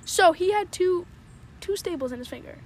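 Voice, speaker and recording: A young teenage girl telling stories in casual chat, excitable and dramatic, acting out what people said. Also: very high-pitched, moderate pace. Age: young teen. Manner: excitable storyteller, dramatic quoting. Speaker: podcast co-host.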